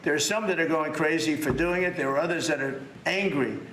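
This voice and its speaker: A man's voice: fairly high pitch, a little fast, a bit bright, a little hiss or hum. Emphatic man in a roomy press clip. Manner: emphatic and repetitive. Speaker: politician speaking to the press. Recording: roomy clip with faint ambience.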